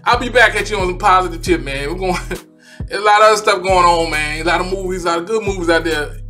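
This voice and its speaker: A man rants in a loose, exasperated way, circling back to the same phrases again and again. His voice sits high and bright, and faint music plays softly underneath. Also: quick pace. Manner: animated, exasperated, repeats "man" and "you know what I'm saying". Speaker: vlogger. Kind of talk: heated casual rant.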